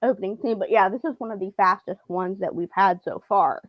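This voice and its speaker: A woman co-hosting a podcast in casual chat, animated and laughing often as she reacts to the episode. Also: mid-range voice, fairly quick, no room sound, muffled recording. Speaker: podcast co-host.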